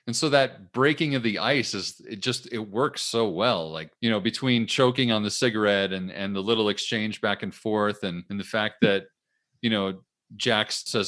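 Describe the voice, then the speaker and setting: A man's voice: on the low side, moderate pace, fairly bright tone. A man co-hosting a film podcast, recapping the plot in a rambling, chatty way and laughing often. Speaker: podcast co-host. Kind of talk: casual movie-review chat.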